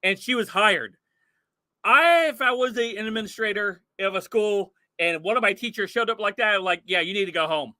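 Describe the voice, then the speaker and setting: A man's voice: sits high, moderate pace, sharp tone, no echo, studio quality. A man hosting a livestream, reacting to a clip in exclaiming, incredulous commentary with frequent laughter. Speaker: livestream host.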